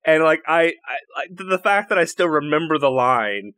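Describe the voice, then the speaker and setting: A man's voice: a little high, expressive, bright, forceful tone. A man chatting casually on a podcast about a tabletop campaign, searching for words as he recalls moments. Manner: halting, restarts while recalling. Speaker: tabletop game player.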